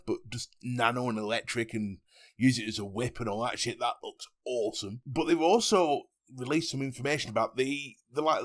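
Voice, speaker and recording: A man co-hosting a casual gaming podcast, jokey and laughing often. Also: medium pitch. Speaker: podcast co-host.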